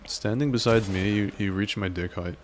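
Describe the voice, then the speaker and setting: A young man with a very low voice talks through a shooter game. He mutters curses and narrates his moves to himself. The tone is casual chat among friends. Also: moderate pace. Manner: cursing, muttering to himself while playing. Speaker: streamer playing a shooter game.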